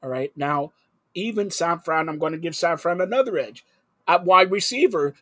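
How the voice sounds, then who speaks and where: A man's voice: high-pitched, expressive, normal speed, pushed and bright, no echo. A man hosting a sports talk radio show, brash and jokey, steering the chat with leading questions.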